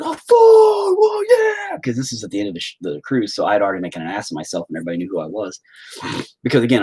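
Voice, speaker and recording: A man chatting casually with his viewers on a live stream, crude and joking, sometimes bursting into loud high-pitched exclamations. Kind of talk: casual chat.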